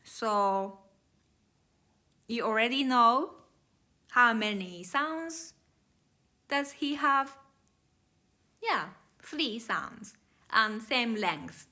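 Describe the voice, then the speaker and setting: A woman's voice: on the high side, animated, very slow, pauses often, pushed and bright. A woman teaching Japanese grammar to learners, explaining each step carefully in plain, slightly non-native English.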